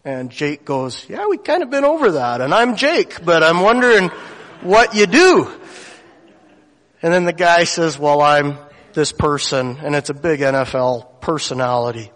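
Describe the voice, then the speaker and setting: A man's voice: fairly high pitch, animated, unhurried, fairly bright tone. A man telling a faith story to a gathering, acting out the voices of the people in it. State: tearful at moments. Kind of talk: storytelling sermon. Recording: long hall reverb.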